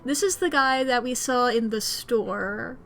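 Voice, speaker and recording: A woman's voice: a little high, measured pace. Gushing swearing streamer woman. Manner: excitable, gushing, swears freely. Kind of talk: game stream commentary.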